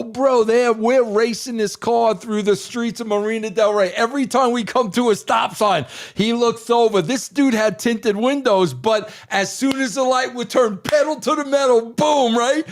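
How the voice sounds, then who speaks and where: A man telling a story on a talk podcast, excitable and emphatic, always addressing the host as "bro". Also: very high-pitched, moderate pace, few pauses. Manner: excitable, swears for emphasis, keeps saying "bro". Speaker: guest.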